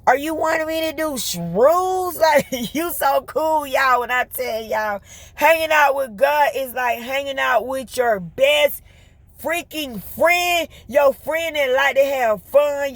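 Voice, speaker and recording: A woman telling a story to her viewers in casual, colloquial chat. She talks fast in bursts, is lively, and laughs often. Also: high voice, no echo. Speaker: vlogger.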